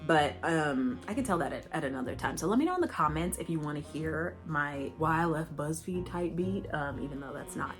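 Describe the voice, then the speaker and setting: A woman's voice: low-pitched, animated, a little fast, hardly any pauses. A young woman chatting casually while doing her makeup, rambling through a story with lots of fillers and playful asides to her viewers. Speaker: beauty vlogger. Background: faint background music.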